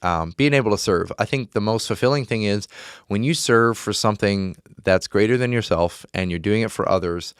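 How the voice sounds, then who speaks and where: A young man chatting on a podcast, his voice sitting low and smooth. He tells stories with enthusiasm and a joking streak, recorded close and dry with no room sound. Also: fairly quick, dry recording. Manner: enthusiastic storyteller, jokey. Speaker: podcast co-host. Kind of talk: casual chat.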